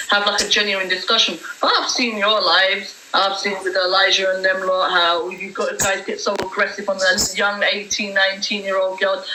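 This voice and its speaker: A woman's voice: mid-range voice, bright, forceful tone, roomy sound, slight background noise, rough recording. A woman hosting a heated live-stream debate, emphatic and swearing as she argues her point. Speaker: livestream host.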